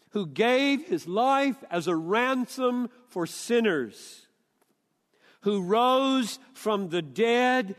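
An older man preaching a sermon, emphatic and deliberate, quoting scripture at length. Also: high-pitched, fairly bright tone, big-room sound.

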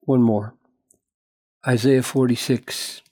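Slow, emphatic man teaching scripture. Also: medium pitch, fairly even intonation, warm tone, husky. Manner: emphatic, slow and deliberate with sudden bursts of speed on quotations. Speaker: preacher. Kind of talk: expository Bible teaching.

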